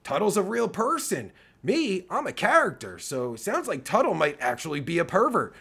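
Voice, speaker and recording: A man's voice: high-pitched, wildly swooping pitch, moderate pace, creaky, sharp tone, slightly rough. A man ranting angrily on a live stream, swearing constantly and restarting his sentences. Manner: profane, heated, stammering restarts. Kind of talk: angry rant on a live stream.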